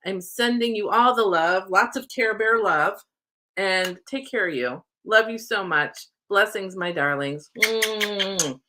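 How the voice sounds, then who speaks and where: A woman's voice: mid-range voice, slow, noisy background. A middle-aged woman and spiritual life coach, chatting casually to camera in a rambling, affectionate way and often saying "y'all".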